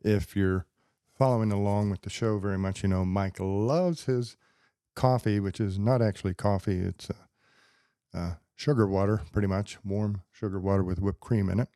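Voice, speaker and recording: A man hosting a podcast alone as a psychologist, explaining ideas step by step in a steady, lecturing way. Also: fairly low pitch, normal speed, dry recording, studio quality. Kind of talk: casual solo podcast talk. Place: podcast studio.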